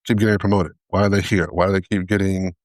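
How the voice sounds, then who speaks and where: A man with a low voice talks quickly and loosely, piling up fillers and profanity as he makes his point. The sound is close and dry, with no room around it. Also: flat delivery, dry recording. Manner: fast, rambling, heavy on fillers and profanity. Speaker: podcast co-host. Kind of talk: casual chat.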